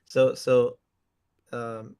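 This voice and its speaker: A man co-hosting a gaming podcast, talking casually and haltingly, often repeating words. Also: mid-range voice, little pitch movement, dark tone, clean tone. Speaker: podcast co-host. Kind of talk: casual chat.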